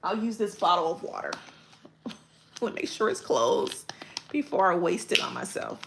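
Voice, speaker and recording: A woman coaching content creators in a livestream video critique, talking in a direct, colloquial and animated way. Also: on the low side, normal speed, creaky, background noise.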